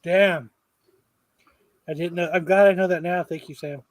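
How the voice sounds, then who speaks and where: A man's voice: high voice, steady tone, normal speed, a little hiss or hum. A man co-hosting a podcast, joking and teasing the others in casual chat. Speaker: podcast co-host.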